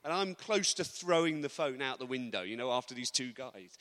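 A visiting preacher delivers an informal sermon in a church, telling personal stories in a chatty, joking way. His voice is medium-pitched, expressive and a bit bright, at a normal speed, with long hall reverb on the recording.

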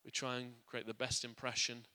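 Bright-voiced preacher in an echoing church. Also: male voice, medium pitch, monotone, fairly quick. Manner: earnest, with frequent restarts and repeated words; drops quiet and soft for reflective points. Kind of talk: sermon. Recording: long church hall reverb.

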